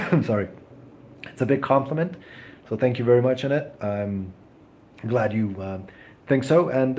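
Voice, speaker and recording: A man's voice: lowish voice, a little mellow. A young man from Serbia, a native Serbian speaker, hosting a casual live chat and answering comments in a hesitant, friendly way. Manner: hesitant, many ums and restarts, friendly. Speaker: live stream host.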